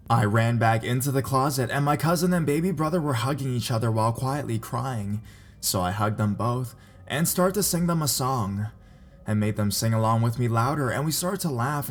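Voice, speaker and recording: A man reading reader-submitted scary stories aloud in a measured, even narration. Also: medium pitch, slight background noise. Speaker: horror story narrator.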